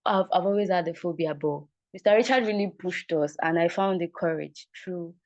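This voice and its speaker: A woman's voice: lowish voice, normal speed, a little mellow, dry recording. A young woman, a recent graduate, giving an upbeat, chatty testimonial on a video call. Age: young adult. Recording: dull lo-fi call audio.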